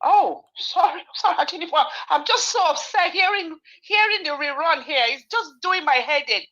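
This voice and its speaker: A woman's voice: sits high, lively intonation, normal speed, bright, forceful tone. A woman calling in to a talk show, indignant and exasperated. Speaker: caller. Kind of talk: call-in radio comment. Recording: dull lo-fi phone line.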